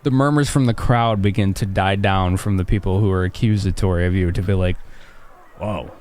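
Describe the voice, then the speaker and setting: A man's voice: low-pitched, steady tone, brisk, a little mellow. A man narrating as game master in a tabletop game, talking loosely and chattily.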